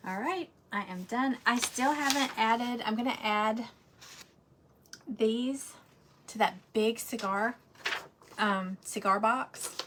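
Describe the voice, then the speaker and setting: A woman's voice: a little high, slow pace, long pauses, background noise. Chatty woman hosting a craft stream. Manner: chatty, rambling, talks straight to viewers. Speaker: craft livestream host. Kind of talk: casual craft livestream chat.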